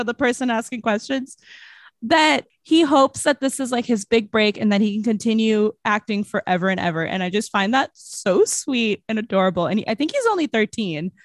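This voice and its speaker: A woman's voice: fairly high pitch, no echo, clean studio sound. A young woman co-hosting a podcast, chatting casually about a movie, bubbly and giggly with lots of fillers. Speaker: podcast co-host. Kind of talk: casual movie review chat.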